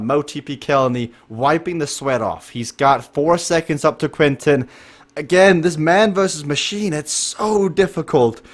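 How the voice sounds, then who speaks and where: Upbeat man calling a virtual race. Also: on the high side. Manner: lively, chatty, jokes with the chat. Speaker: race commentator and stream host. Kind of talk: live esports race commentary.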